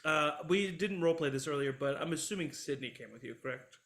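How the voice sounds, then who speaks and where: A man narrating as game master of a tabletop game, relaxed and laughing easily, with frequent fillers. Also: a little high, fairly quick.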